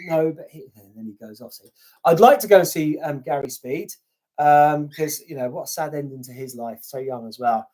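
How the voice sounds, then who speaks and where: A man's voice: a little high, darkish tone. A British man hosting a casual live stream from home, reading out viewer comments in a chatty, self-deprecating way with casual swearing. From United Kingdom. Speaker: YouTube grave-visiting channel host.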